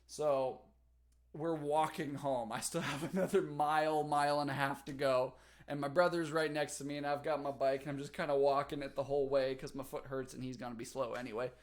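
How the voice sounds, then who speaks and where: A young man on a casual livestream, telling a story with animated delivery, big pitch jumps and laughter. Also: a little fast. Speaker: streamer.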